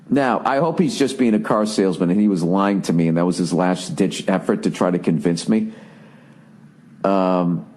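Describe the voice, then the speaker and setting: A man's voice: sits low, a little mellow. Profane, exasperated man ranting. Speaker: podcast host. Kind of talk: ranting comedic monologue.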